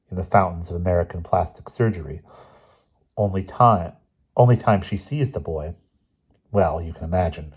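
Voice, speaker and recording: Male storyteller, very low husky voice, calm measured delivery, dull lo-fi recording. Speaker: audiobook reader. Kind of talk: reading a short story aloud.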